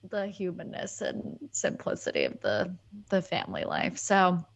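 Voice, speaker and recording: A woman's voice: on the low side, vocal fry, fairly bright tone. Chatty woman podcast co-host. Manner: chatty, acts out film quotes. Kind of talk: casual chat.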